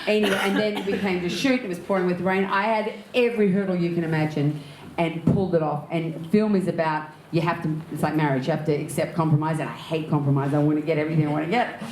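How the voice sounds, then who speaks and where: Lively Australian woman telling stories, roomy hall. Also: fairly low pitch, fast talker, hardly any pauses, crowd noise. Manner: lively, laughs often while telling anecdotes. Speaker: actor and director, interview guest. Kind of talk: candid storytelling in an onstage conversation.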